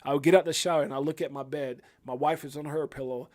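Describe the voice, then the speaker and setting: A grieving man hosting a casual livestream, reading viewer comments aloud and talking haltingly with many fillers and restarts. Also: fairly high pitch, fairly even intonation, darkish tone. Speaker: livestream host.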